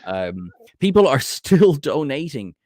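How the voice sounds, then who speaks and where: A man's voice: mid-range voice, very animated, takes it slowly, darkish tone, dry recording, clean studio sound. A man co-hosting a podcast, talking casually with many hesitations and fillers. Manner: hesitant, filler-heavy talk. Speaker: podcast co-host on a charity stream. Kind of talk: casual chat.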